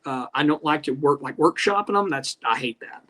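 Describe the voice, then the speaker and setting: A man's voice: a little high, expressive, fairly quick, fairly bright tone. A man who used to wrestle, a guest in a casual chat, telling rambling, profane stories.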